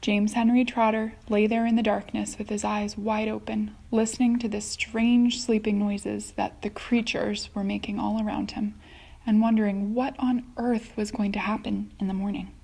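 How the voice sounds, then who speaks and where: A woman's voice: mid-range voice, level tone, normal speed, gravelly, warm tone. Woman teacher reading a storybook aloud. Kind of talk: reading a children's book aloud.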